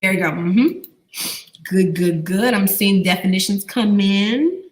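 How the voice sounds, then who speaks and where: A young woman leads a live online training as a business coach. She fires questions at her viewers and repeats her prompts over and over in a lively call-and-response way. Her pitch sits in the middle for a woman, and the sound is that of a webcam live stream. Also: a little slow.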